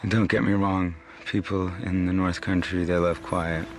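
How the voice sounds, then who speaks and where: A man narrating an audio drama in a calm, deliberate, scripted style over a music score. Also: sits low, a little hiss or hum. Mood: brooding.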